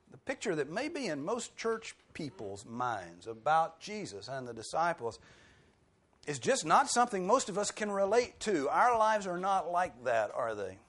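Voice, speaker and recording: Conversational man preaching a sermon. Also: medium pitch. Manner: conversational, with rhetorical questions and dry humor.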